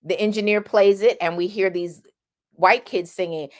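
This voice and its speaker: A woman's voice: mid-range voice, steady tone, moderate pace. A middle-aged woman giving a chatty singing lesson, often checking in with "right?" and demonstrating sounds. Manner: demonstrates sounds mid-sentence. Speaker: singing teacher. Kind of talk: casual vocal lesson.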